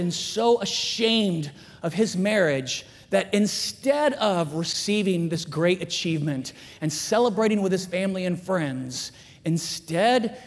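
A man in his forties giving an animated chapel sermon to students, swinging between loud emphatic lines and hushed asides. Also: a little high. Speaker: guest chapel speaker. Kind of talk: energetic chapel sermon with storytelling. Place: school chapel, large room. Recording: long hall reverb.

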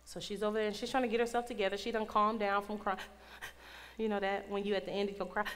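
A woman's voice: mid-range voice, level tone, fast. A woman in her thirties preaching to teenagers, telling a personal story in casual slang and building to an urgent exhortation. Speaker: youth minister. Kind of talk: sermon to teens. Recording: long hall reverb.

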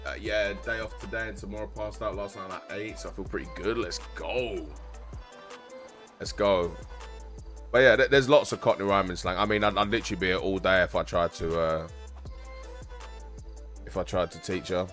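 Low-voiced London streamer man, rambling. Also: fairly even intonation, fairly quick, fairly bright tone, faint music behind. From South East London. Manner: rambling, chatty explaining with swearing. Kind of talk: casual chat with stream viewers.

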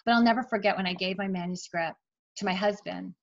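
A middle-aged woman, an author, telling the story of her writing career in a chatty, animated way during an interview. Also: mid-range voice, quick pace, gravelly, dull audio. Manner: chatty, animated, emotional at times. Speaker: author guest.

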